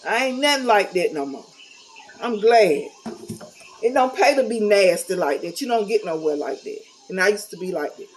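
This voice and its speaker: A woman's voice: mid-range voice, animated, normal speed, a little hiss or hum, poor audio. A middle-aged woman talking casually to camera, candid and blunt, with a folksy, preachy manner. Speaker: vlogger.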